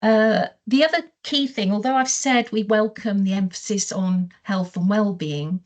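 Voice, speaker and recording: A woman on a panel at an online event, speaking in a measured way with frequent fillers. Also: medium pitch, a little mellow.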